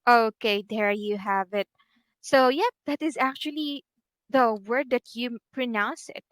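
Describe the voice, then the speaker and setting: A woman teaching a one-on-one online English lesson, patient and encouraging, pausing to type corrections as she talks. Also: on the high side, no room sound.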